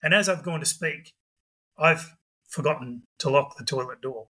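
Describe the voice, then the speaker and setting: A man, a guest, telling a lively anecdote with quick asides. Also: on the high side, slightly rough, low-quality recording. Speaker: guest, budgie club president. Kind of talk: animated storytelling.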